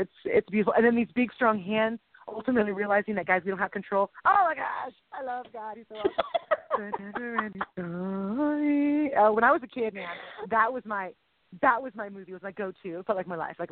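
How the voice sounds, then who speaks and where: A woman co-hosting a radio show, chatting casually in an excitable, gushing, jokey way. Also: mid-range voice, fast, no echo. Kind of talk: casual chat. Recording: tinny phone-line sound.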